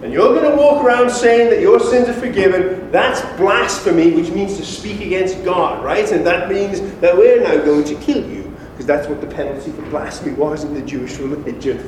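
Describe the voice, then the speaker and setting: A man preaching a casual, animated sermon to a congregation, talking informally as a pastor. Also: sits high, normal speed, hardly any pauses, slight background noise. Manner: animated and informal, acts out quoted voices. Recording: echoey hall, distant mic.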